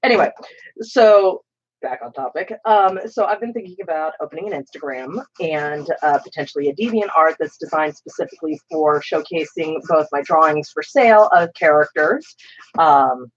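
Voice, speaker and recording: A woman's voice: low voice, lively intonation, normal speed. A woman with a grainy voice, chatting casually and joking with plenty of fillers as co-host while crafting. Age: adult with children. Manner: rambling, joking, many fillers. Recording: slightly muffled stream audio.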